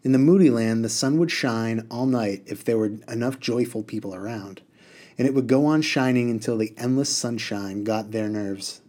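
A man's voice: medium pitch, moderate pace. Man reading a novel aloud. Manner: expressive reading that breaks off for class chat.

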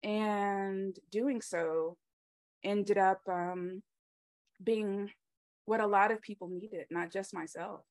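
Animated woman telling her story. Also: mid-range voice, slow pace. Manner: animated storytelling with frequent ums. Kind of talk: casual conversational interview.

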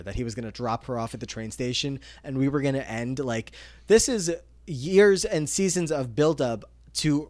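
A man co-hosting a podcast, recapping an episode in steady, casual conversation. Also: mid-range voice, no echo. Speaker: podcast co-host.

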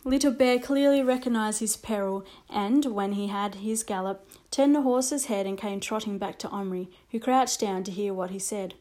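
A woman reading a children's storybook aloud in a measured, expressive way. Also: mid-range voice. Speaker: narrator.

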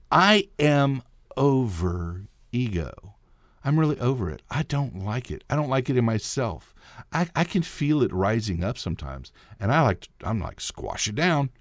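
A man with a somewhat low voice hosts his own podcast, spinning a long personal story in a loose, rambling way. He stumbles and restarts often and breaks into chuckles. The sound is dry and close, with no room around it. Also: no room sound. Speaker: podcast host. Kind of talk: casual solo podcast storytelling.

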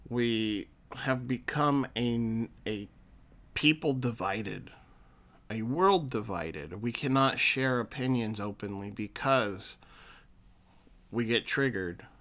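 A man with a bright, forceful voice speaks slowly and earnestly in a solo podcast monologue. He sounds like a counselor encouraging his listeners, and he often restarts his sentences. His pitch sits in the middle of the male range.

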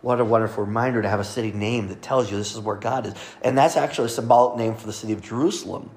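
A man's voice: fairly low pitch, fairly even intonation, rapid-fire, a little mellow, a little hiss or hum. A man preaching a sermon, explaining scripture and the names of God with light asides to his listeners. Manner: teaching, reading scripture aloud, light asides.

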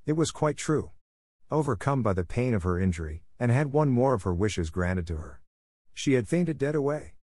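A man narrating a classic novel as an audiobook, in a steady, even storytelling manner. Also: medium pitch, moderate pace, no room sound, studio quality. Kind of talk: scripted narration.

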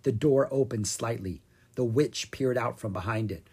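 A storybook narrator reading a children's book aloud in an animated way. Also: medium pitch, normal speed, slightly rough. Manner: animated, expressive. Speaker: audiobook reader.

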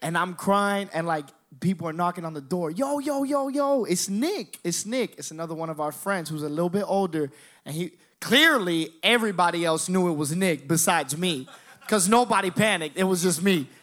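A man in his twenties doing stand-up, telling a profane, animated story and talking straight to the crowd. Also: on the high side, fairly quick. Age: 20s. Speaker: stand-up comedian.

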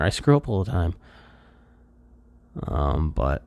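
A man's voice: sits low, moderate pace, pauses often, dry recording. A middle-aged man from Michigan hosting a podcast, rambling in casual chat with lots of fillers and restarts and bursts of energy when he acts out quotes. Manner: lively when acting out quotes. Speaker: podcast host.

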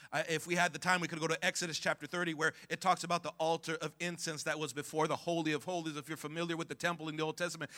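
A male pastor preaching a sermon who calls on the congregation to answer back, swings from hushed to loud, and stumbles over repeated words when worked up. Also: fairly high pitch.

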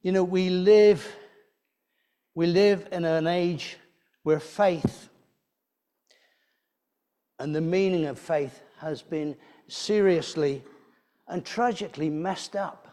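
A man's voice: high-pitched, slow pace, pauses often, dark tone. A man preaching a conversational sermon in church, asking the congregation rhetorical questions and often restarting his phrases.

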